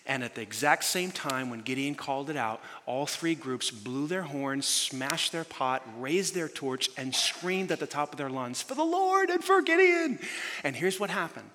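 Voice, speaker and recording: A man preaching a sermon as pastor, telling a story with animated emphasis. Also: medium pitch, moderate pace, few pauses, a little hiss or hum. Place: large church hall. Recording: long reverb in a large hall.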